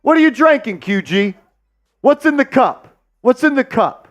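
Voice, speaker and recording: A man hosting a live sports watch-party stream, hyped and loud as he shouts out viewers' donations and calls the game. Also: extremely high pitch, big pitch swings, unhurried, dull audio.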